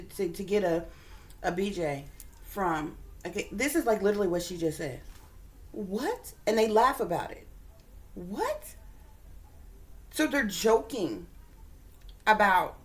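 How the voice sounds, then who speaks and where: A woman hosting a reaction video, indignant and repeating her points for emphasis. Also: medium pitch. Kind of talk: reaction commentary.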